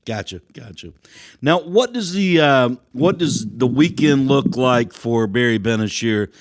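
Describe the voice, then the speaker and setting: A man's voice: mid-range voice, animated, measured pace, no room sound. A man hosting a podcast, asking friendly questions in a casual chat. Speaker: podcast host.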